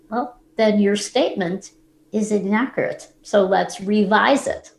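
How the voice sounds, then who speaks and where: A woman psychologist answering interview questions in an explanatory way, growing lively when she challenges a point. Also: mid-range voice, measured pace, vocal fry, reverberant. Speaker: psychologist guest.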